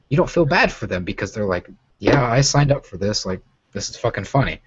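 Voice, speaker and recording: A man's voice: lowish voice, sing-song, brisk, breathy edge, dry recording, highs cut off. An American man in his twenties hosting a casual chat, rambling and profane with many fillers. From United States. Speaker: host.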